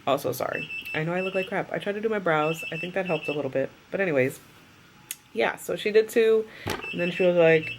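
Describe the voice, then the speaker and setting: A woman's voice: fairly low pitch, fairly quick, noisy background. A young woman vlogger, tired after surgery, telling a story in a chatty, rambling way with lots of fillers. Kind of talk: casual storytelling vlog.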